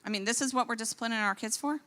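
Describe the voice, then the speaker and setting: A woman in her forties speaks as a physician in a large church hall. Her voice sits a little high and bright, and it rings out with long reverb. She talks with mounting indignation and builds to sharp exclamations. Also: very fast. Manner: animated, indignant, rising to exclamations. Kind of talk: impassioned church talk.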